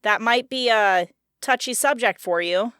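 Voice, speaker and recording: A woman's voice: a little high, a little slow, bright, forceful tone, clean tone, no room sound, studio quality. A woman co-hosting a casual podcast, talking frankly and laughing often. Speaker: podcast co-host. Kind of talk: casual chat.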